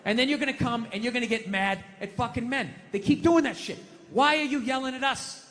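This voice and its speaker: A man doing stand-up comedy, telling stories in a shouting, profane rant and putting on mock voices, on a comedy stage. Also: very high-pitched, brisk. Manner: animated storytelling with mock voices. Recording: echoey live venue with audience noise.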